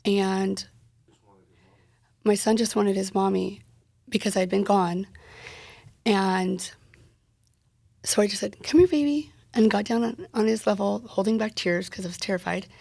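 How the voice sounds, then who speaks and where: A woman retells a painful personal story in an interview, candid and emotional, and acts out the dialogue as she goes. Her voice is gravelly and husky. It is recorded close and dry. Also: mid-range voice, darkish tone, no room sound. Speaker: podcast guest.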